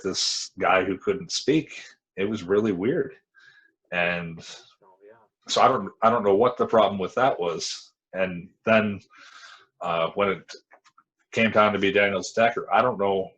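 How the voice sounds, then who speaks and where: A man's voice: low-pitched, unhurried, fairly bright tone, low-quality recording. A man in his thirties, a former wrestler, recounting his career in a frank, rambling way as an interview guest. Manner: frank, rambling storytelling with many restarts. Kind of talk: casual interview talk.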